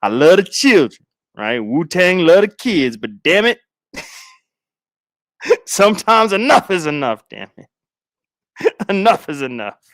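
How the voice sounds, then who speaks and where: A middle-aged man chats casually to his stream, drawing out a dramatic story with slangy asides and lots of laughter. His delivery is unhurried, with a slightly high voice that swings widely in pitch. The sound is close and dry. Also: very animated, a bit bright, dry recording. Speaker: livestreaming content creator. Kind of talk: casual livestream chat.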